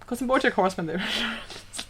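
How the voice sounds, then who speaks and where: Woman cracking quick jokes, slightly high voice. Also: fairly bright tone, breathy edge. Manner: quick reactive quips, swears freely, laughs often. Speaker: podcast co-host. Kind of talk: casual chat.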